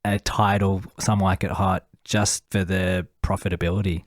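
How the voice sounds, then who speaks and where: A man with a lowish voice talks through a film on a casual podcast. He recounts interviews at length in a chatty way. The sound is dry and close. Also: flat delivery, moderate pace, dry recording. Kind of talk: casual movie discussion.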